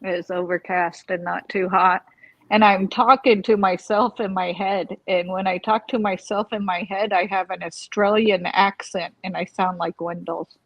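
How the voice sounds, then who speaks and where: A woman's voice: medium pitch, fairly even intonation, moderate pace, lo-fi sound. A woman chatting on a casual late-night livestream, laughing easily.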